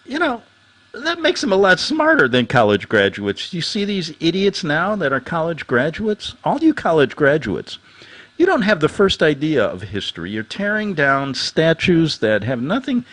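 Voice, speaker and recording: A man hosting his own talk show, ranting with a lively, swooping pitch. He is sarcastic and jumps from loud outbursts to low mutters. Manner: animated, sarcastic, quick swings between shouting and muttering. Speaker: host.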